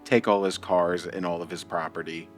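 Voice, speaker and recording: A man's voice: low voice, steady tone, normal speed, soft background music. A man hosting a commentary video, talking in a casual, sarcastic way. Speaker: commentary host.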